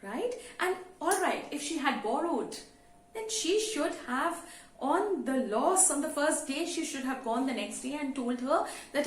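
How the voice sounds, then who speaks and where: A woman's voice: sits high, expressive, a little slow. A woman teacher retelling a story to students in a conversational way, with many "you know" fillers. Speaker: English teacher. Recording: roomy with faint ambience.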